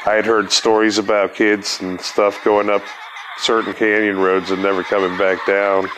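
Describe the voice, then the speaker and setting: A man, his voice sitting on the low side, rambles through a story in loose, profane podcast talk. Faint noise hums behind him. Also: level tone, normal speed. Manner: laid-back, profane, laughs through story. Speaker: podcast host.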